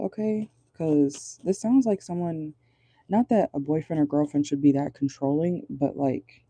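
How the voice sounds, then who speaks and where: A tarot reader doing a casual reading from inside a car, pausing often while channeling, swearing and laughing nervously. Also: mid-range voice, warm tone, no room sound.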